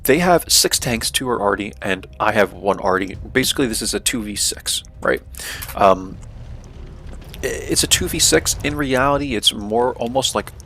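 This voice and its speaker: A man's voice: fairly low pitch, expressive, normal speed, pushed and bright, a little hiss or hum. A young man with a North American accent, casually talking through his own tank game, explaining tactics with lots of "um", "right?" and "man". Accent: North American English. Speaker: gameplay commentator. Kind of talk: casual gameplay commentary.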